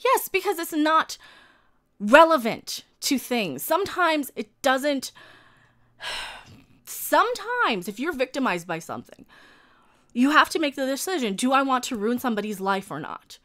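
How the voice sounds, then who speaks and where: A woman's voice: sits high, big pitch swings, unhurried, fairly bright tone. A woman YouTuber ranting heatedly to camera, profane and combative, answering her critics directly and repeating herself when worked up.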